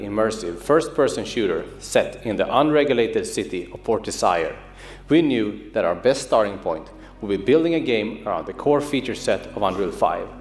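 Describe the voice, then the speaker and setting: A man, a game studio's creative director, giving a polished, measured scripted presentation. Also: lowish voice. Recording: roomy studio video with music underneath. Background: music.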